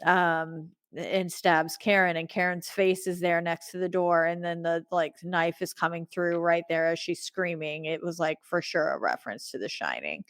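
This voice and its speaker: A woman's voice: on the low side, normal speed, few pauses, a bit bright, dry recording, studio quality. A woman co-hosting a podcast, recapping a movie in casual chat with lots of fillers. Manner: chatty, many fillers, acts out quotes. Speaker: podcast co-host.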